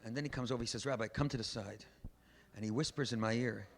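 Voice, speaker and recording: Speaking fast at medium pitch, a man preaching as a rabbi tells a story and drives his points home with emphatic, preachy bursts that swell into loud exhortations. The sermon echoes through a large synagogue hall, preserved in an archival recording with faint noise behind it.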